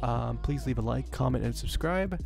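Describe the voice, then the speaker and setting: A man's voice: mid-range voice, expressive, moderate pace, gravelly, darkish tone, soft background music. A teenage boy telling a story casually to camera as a vlogger, rambling and swearing with lots of fillers.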